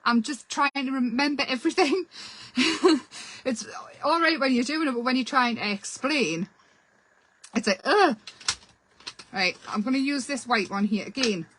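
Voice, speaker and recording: A woman's voice: high voice, normal speed, fairly bright tone, slight background noise, low-quality recording. A woman hosting a casual painting tutorial, chatty and self-deprecating as she explains while she works. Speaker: craft channel host.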